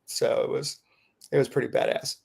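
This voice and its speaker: A middle-aged man, a podcast co-host, telling a rambling, animated story in casual chat with lots of fillers. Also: medium pitch, moderate pace, vocal fry.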